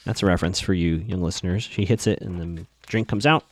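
A man's voice: sits low, a little fast, no room sound. A man hosting a podcast, giving a casual, opinionated recap of a TV episode with skeptical asides. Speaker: podcast host.

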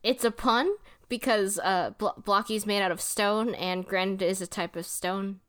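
A woman co-hosting a podcast in casual chat, laid-back and quick to laugh. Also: medium pitch, fairly even intonation, a bit bright. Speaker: podcast co-host.

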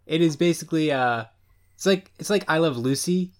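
A man's voice: a little high, brisk. Dry-humored podcast guy. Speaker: podcast co-host. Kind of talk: casual comedy podcast chat.

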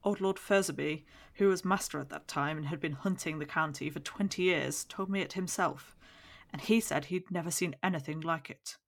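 A woman's voice: sits low, normal speed, gravelly. A woman reading the part of a fat, jovial older lord who gossips with exclamations, in an audiobook. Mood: gossipy. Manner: chatty, gossipy storytelling with exclamations.

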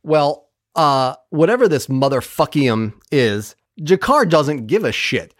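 A podcast host casually recapping a TV episode with heavy swearing and animated retelling. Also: medium pitch, normal speed, no echo, studio quality. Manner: profane, animated retelling of plot. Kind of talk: casual chat.

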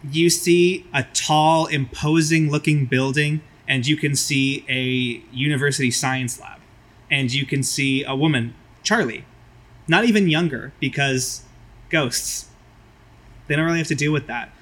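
A man's voice: fairly high pitch, measured pace, fairly bright tone. A man narrating vividly as game master of a tabletop role-playing game.

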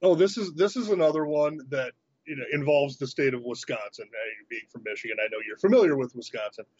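A man's voice: mid-range voice, fast, slightly rough, no room sound. A man appearing as a podcast guest, talking casually about movies and stories with frequent restarts. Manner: relaxed, with repeated restarts. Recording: dry, dull audio.

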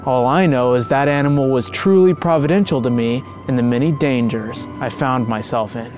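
A man voicing a kindly, cheerful middle-aged priest, spoken with earnest warmth in a storybook reading. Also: mid-range voice, normal speed, soft background music, lightly acted.

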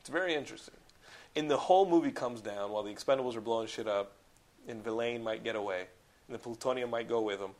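Excitable, swearing podcast host man. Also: mid-range voice, fast talker. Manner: excitable, profane, heavy use of "like". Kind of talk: casual podcast chat.

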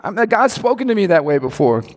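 A man preaching a sermon as a pastor, animated, with sudden shouts and playful impressions. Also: high voice, fairly quick. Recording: long church hall reverb.

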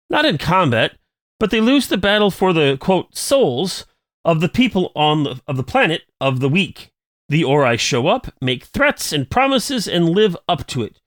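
Male co-host reading mail, animated pitch, dry booth sound. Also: measured pace, no room sound. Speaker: podcast co-host. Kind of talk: reading a listener email aloud, then casual chat.

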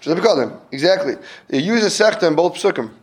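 Lively man teaching a Talmud class. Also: on the high side, a little fast, slight background noise. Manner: lively, questions students, acts out little scenes. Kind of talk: casual Talmud class with students.

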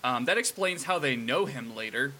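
Brief: man, co-host, dry wit, very bright tone. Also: medium pitch, animated, normal speed, slight background noise. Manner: dry, wry, joking. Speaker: podcast co-host. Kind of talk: casual chat.

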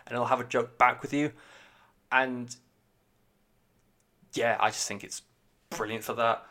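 A man's voice: mid-range voice, fairly bright tone. A man giving a casual spoken album review, rambling, sweary and enthusiastic. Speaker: music reviewer.

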